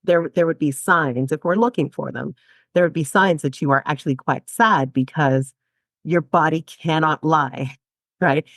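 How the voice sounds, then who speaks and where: A woman's voice: low-pitched, unhurried, no echo. A woman psychotherapist guest on a podcast, talking animatedly, laughing often and acting out quoted voices. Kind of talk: podcast interview.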